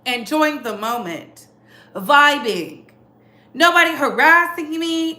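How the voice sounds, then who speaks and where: A woman's voice: high-pitched, pushed and bright, reverberant. A woman hosting casual celebrity gossip commentary, sassy and emphatic, repeating lines for effect. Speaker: commentary channel host.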